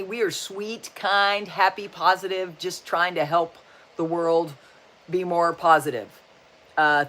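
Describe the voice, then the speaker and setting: A woman in her sixties with a medium-pitched, slightly bright voice hosts a casual livestream chat. She's chatty and folksy, cracks corny jokes in an upbeat way, and often says "just saying."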